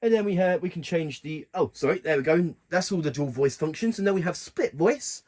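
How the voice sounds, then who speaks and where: This tutorial comes from a man with a fairly high, animated voice who walks through a keyboard demo in a relaxed way. He speaks haltingly, often correcting himself mid-sentence, while loud keyboard music from the demonstration plays over him.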